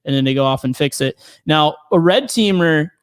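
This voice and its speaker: A man's voice: fairly high pitch, expressive, moderate pace, clean tone, no room sound, studio quality. A man working as a penetration tester, chatting casually as a guest and explaining his job with many fillers and restarts. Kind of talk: casual podcast conversation.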